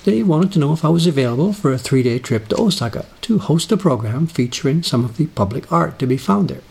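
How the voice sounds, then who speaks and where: Husky man, dry self-deprecating narration. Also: a little high, animated, fast talker, a little mellow. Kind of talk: scripted personal essay narration.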